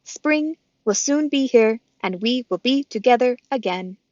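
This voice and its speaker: A woman voicing a gentle female robot mother who speaks slowly and formally, without contractions. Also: on the high side, lively intonation, no room sound, highs cut off, voice pushed up. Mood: calm tender. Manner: slow, measured, formal speech without contractions.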